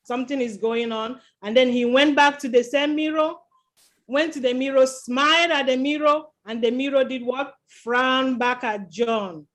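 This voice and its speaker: A woman tells a story to children at chapel. She keeps the telling lively and stops again and again to ask the children what comes next. The feel is warm and friendly, like a storyteller talking with her young listeners. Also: high voice, moderate pace. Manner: lively, quizzes the children with questions.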